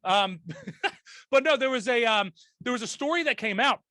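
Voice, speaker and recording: Man, podcast host, high voice, rambling casual chat, frequent laughs, dry close sound. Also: animated, moderate pace, pushed and bright, dry recording. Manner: rambling, laughs often, restarts sentences.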